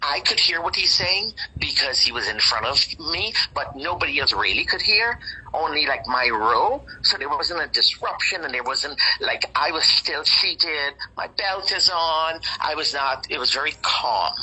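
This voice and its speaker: Husky, lively storyteller on a talk show. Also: mid-range voice, normal speed, poor audio. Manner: animated, emphatic, dramatic asides. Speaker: guest telling a story. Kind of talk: casual storytelling chat.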